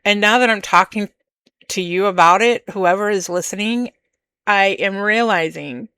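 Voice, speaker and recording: A woman hosting a podcast, talking candidly and emotionally about her own feelings in a slow, searching monologue. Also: mid-range voice, sharp tone, smooth, no echo. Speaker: podcast host. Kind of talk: personal reflective monologue.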